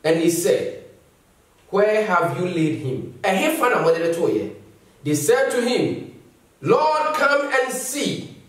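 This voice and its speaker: A man preaching a sermon as pastor, moving between Twi and English and reading scripture slowly. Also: sits high, big pitch swings, fairly bright tone. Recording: echoey hall, voice from far off.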